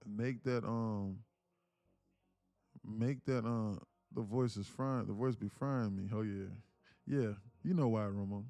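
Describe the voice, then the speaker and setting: Mellow low-voiced man hosting a live stream. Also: fairly even intonation, slow, no echo. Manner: loose, repetitive, restarts phrases while reading chat. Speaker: livestream trading host. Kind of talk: casual live-stream chat.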